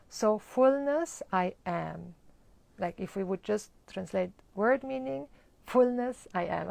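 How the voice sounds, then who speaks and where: A woman teaching a live online Sanskrit chanting lesson, explaining pronunciation and then chanting words slowly. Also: medium pitch, creaky, dry recording.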